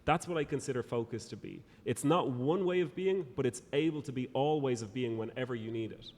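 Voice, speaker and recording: A man's voice: medium pitch, a little mellow. Lilting Irish man, reverberant room. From Ireland. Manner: lilting, thoughtful, measured. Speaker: guest speaker. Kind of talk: conversational podcast interview. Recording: reverberant room with faint noise.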